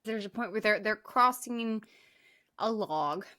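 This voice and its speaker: Bright, lively woman co-host. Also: mid-range voice, unhurried. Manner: animated, profane retelling. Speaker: podcast co-host. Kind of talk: casual movie recap chat.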